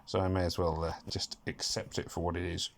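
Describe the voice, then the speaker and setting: A man's voice: deep voice, little pitch movement, fairly quick, gravelly, a little hiss or hum. A man from Britain giving casual, rambling commentary on a mobile game, humming and making little sound effects, self-deprecating about his mistakes. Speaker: gaming commentator.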